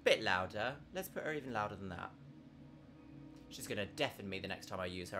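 A woman's voice: very deep voice, animated, quick pace, a bit bright, faint music behind. A woman in her thirties streaming a horror game from home at a desk microphone, chatting casually and giggling, with big swoops in her voice. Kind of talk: casual live-stream commentary.

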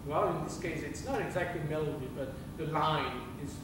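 A man coaching a violin masterclass, halting and restarting, counting rhythms aloud with sung syllables. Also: a little high, noisy background. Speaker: violin teacher. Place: music school classroom. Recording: echoey room from far off, violin playing.

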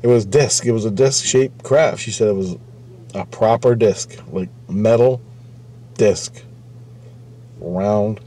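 A man's voice: fairly low pitch, warm tone, a little hiss or hum. A man casually telling a rambling story about a friend, repeating himself and swearing freely. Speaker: vlogger.

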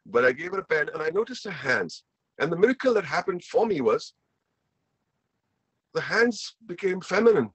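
A man's voice: a little high, very animated, moderate pace, pauses often, a bit bright, slightly rough, no room sound. A man with an Indian English accent telling a personal story as a guest speaker, earnest and emotional, often repeating himself.

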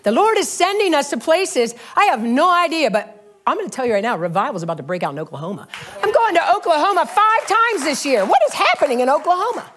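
Lively high-pitched woman preaching. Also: fast talker. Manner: animated, storytelling, frequent laughs. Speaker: pastor. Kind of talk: sermon.

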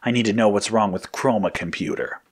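A man voicing a thoughtful, measured male space agent in a low voice. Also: slightly rough.

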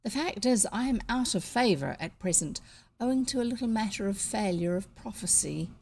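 A woman's voice: medium pitch, animated, normal speed, a little mellow, slight background noise. A woman voicing a courteous, scheming young male Egyptian priest who turns stern, in a read-aloud storybook. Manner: smooth and polite, then stern.

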